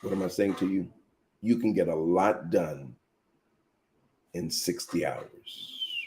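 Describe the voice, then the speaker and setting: A man hosting a live teaching show as a pastor, telling animated personal stories and speaking straight to his viewers. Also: deep voice, takes it slowly, slight background noise.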